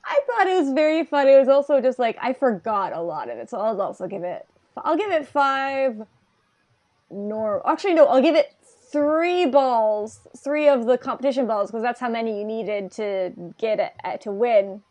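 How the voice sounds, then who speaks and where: A woman's voice: a little high, lively intonation, moderate pace, a little mellow. A woman co-hosting a podcast, recapping an episode in casual, rambling chat full of "like". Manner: chatty, rambling, frequent "like" fillers. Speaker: podcast co-host.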